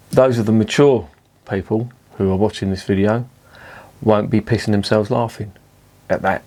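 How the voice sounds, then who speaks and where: A man's voice: on the low side, a little mellow. A man casually reviewing a beer at home, chatty and self-mocking, swearing freely. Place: indoors at home with curtains drawn.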